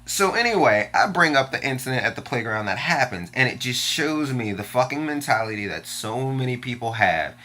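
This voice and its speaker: A man's voice: medium pitch, sharp tone. A young man ranting bluntly and angrily in a personal vlog, swearing often as he vents his frustration. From Washington, D.C. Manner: profane and frustrated, venting bluntly. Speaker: vlogger. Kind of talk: angry personal vlog rant.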